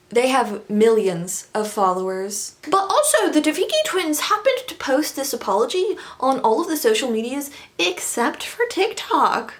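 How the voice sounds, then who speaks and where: A woman in her twenties giving a sarcastic, giggly commentary vlog, with quick jokey asides. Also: on the high side. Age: 20s. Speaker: commentary YouTuber.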